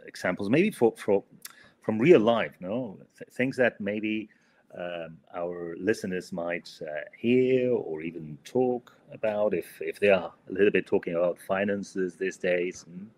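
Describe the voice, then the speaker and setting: A man's voice: sits low, animated, a little slow, a little mellow. A man teaching English grammar in a casual podcast chat, hesitant, full of fillers and "no?" tags. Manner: hesitant, many fillers, ends with "no?".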